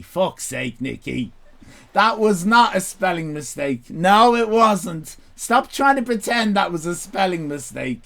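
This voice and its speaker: A man's voice: on the high side, creaky, fairly bright tone. A man in casual live-stream chat, rambling, sweary and self-mocking.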